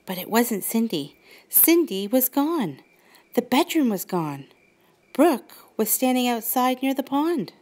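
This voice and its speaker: A woman reads a children's storybook aloud in a gentle, expressive way. Her pitch rises and falls a lot while she keeps an unhurried pace. The sound is close and dry. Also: no echo. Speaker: Girl Guide leader, storyteller. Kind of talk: storybook read-aloud narration.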